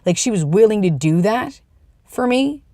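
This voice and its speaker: A man's voice: high voice, expressive, moderate pace, dark tone, no room sound, studio quality. A young man vlogging in a casual, earnest and rambling way, often restarting his sentences. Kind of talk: casual personal vlog. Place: outdoors, about to go inside.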